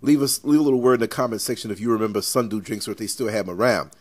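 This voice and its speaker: A man hosting a podcast, telling stories in an animated, emphatic and rambling way. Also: on the low side, rapid-fire. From New York. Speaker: podcast host. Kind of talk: casual podcast chat.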